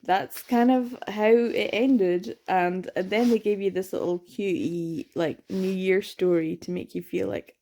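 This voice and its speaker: A young woman chatting excitedly in a late-night reading vlog, sleepy with her words slurring, gasping and laughing as she gushes about a book. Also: medium pitch, normal speed, few pauses. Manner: gushing and excitable, frequent laughs and gasps. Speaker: book vlogger.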